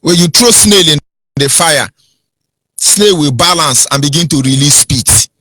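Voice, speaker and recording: A man with a Nigerian accent anchoring a radio talk show, preachy and emphatic, swinging from low and grave to high and heated. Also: animated, a little slow, bright, forceful tone, dry recording.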